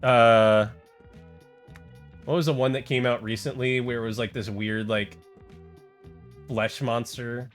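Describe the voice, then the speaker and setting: A man livestreaming in casual chat, rambling and excitable, talking straight to his viewers and reading bits aloud. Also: mid-range voice, slow, pauses often. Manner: rambling and excitable, heavy on "like" and "dude"; talks to chat, reads text aloud. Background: faint music.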